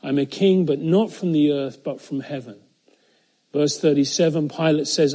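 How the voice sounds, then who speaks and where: Mellow-voiced man teaching scripture. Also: fairly high pitch, fairly even intonation. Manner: measured, emphatic, slows on key phrases; occasional fillers and self-corrections. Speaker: preacher. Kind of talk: expository Bible teaching.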